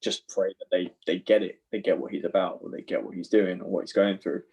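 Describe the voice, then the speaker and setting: Guy on a podcast, relaxed storytelling, low mellow voice, chuckles a lot. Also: a little fast, vocal fry, breathy edge, rough recording. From London. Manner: laid-back, chuckles through anecdotes. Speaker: actor guest.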